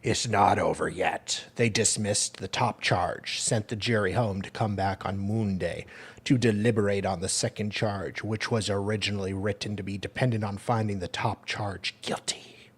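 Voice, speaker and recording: A man co-hosting a casual livestream, dry and jokey, reading quoted posts aloud in a lowered put-on voice. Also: steady tone, normal speed, slightly rough. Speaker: co-host. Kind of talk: casual live chat.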